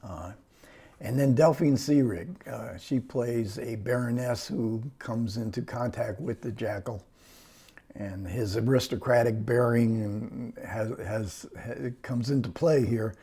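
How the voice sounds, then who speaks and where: A man's voice: medium pitch, takes it slowly, warm tone, slightly rough. A man giving a casual spoken film review, rambling and hesitant, with many fillers, restarts and small chuckles. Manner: chuckles between phrases.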